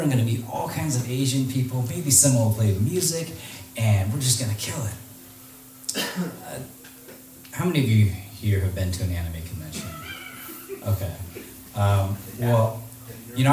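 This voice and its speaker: A man tells a personal story to a live audience in a large hall, animated and slipping into the voices of the people he quotes. He sounds set back from the mic, and the room echoes around him with a little noise underneath. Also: on the low side, recorded from a distance. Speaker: speaker giving a talk.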